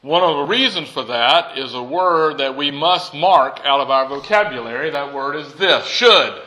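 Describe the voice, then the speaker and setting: A man preaching a sermon to his congregation in a lively, conversational way and asking them questions. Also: on the high side, normal speed, slight background noise, low-quality recording. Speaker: pastor. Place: church.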